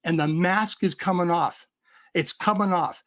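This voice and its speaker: A man's voice: high voice, unhurried, a bit bright. A man with a Boston accent, a guest ranting in bursts on a livestream call. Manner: combative, emphatic, talks in bursts. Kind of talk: heated livestream rant.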